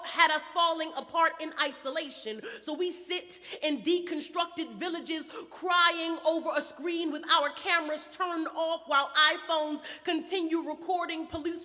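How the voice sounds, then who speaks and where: A woman from Baltimore performing spoken word poetry on a theater stage, a little hoarse from a cold, with a rhythmic, emphatic delivery that climbs to loud peaks. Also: very high-pitched. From Baltimore, USA. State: hoarse, getting over a cold. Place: theater stage before an audience. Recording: long theater reverb.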